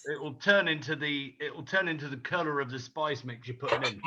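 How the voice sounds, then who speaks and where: A man's voice: a little high, fairly quick, muffled recording, very noisy. A Welsh man guiding a cooking lesson over a video call, teasing and joking, calling people mate. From Wales. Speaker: guest cook. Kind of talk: casual video call chat.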